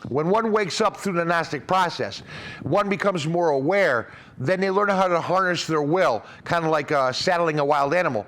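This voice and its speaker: A man's voice: fairly high pitch, moderate pace, a bit bright. A man hosting an explanatory talk, earnest and rambling with many restarts. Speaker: host. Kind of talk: explanatory talk on religious ideas.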